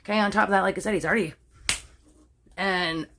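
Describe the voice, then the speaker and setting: Woman, Canadian accent, casual storytelling, chatty, animated, lots of filler words, self-censoring. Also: medium pitch, fairly quick, slight background noise. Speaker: true crime storyteller.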